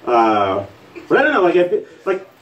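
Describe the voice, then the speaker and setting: A male stand-up comedian from Puerto Rico performs live on a bar stage before an audience, his fairly high voice lively and swooping at a normal speed. His delivery is loose and rambling, full of fillers, and he acts out the people in his stories. He sits a little back from the mic, so it sounds distant and the audio is poor.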